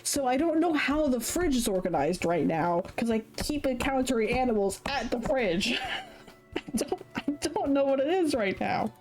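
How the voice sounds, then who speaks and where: A woman's voice: high-pitched, expressive, normal speed, music in the background. Chatty young woman streaming a game. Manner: chatty and irreverent, with frequent laughs and swearing. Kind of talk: casual let's-play commentary.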